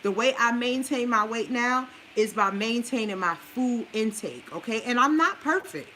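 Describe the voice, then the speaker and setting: A woman's voice: a little high, expressive, normal speed, pushed and bright, slight background noise. A woman with a New Orleans accent showing a meal plan in a home kitchen, talking straight to her viewers in a sassy, preachy way. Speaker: vlogger sharing a meal plan. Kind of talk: casual cooking demo and advice.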